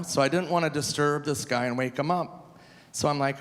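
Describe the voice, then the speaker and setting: A male stand-up comedian performing live on stage, animated and shouting his punchlines high. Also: fairly quick. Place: large live comedy venue. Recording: live hall with long reverb, faint crowd ambience.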